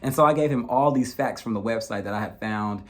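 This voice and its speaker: A man's voice: medium pitch, brisk. A man speaking in a middle register narrates a painful episode from his own life. He is earnest and personal, and often repeats words and restarts as the feelings catch up with him. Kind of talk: personal true-crime storytelling.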